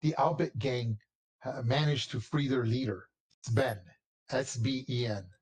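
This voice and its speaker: A man voicing a calm older village elder who speaks in a measured, hushed way. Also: mid-range voice, slightly rough. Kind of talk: tabletop role-play.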